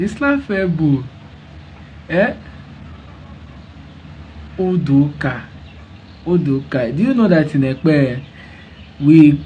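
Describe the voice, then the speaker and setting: A man's voice: a little high, darkish tone, a little hiss or hum. A man speaking in an amused way as he explains how a name is said in different dialects. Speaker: speaker in a played clip.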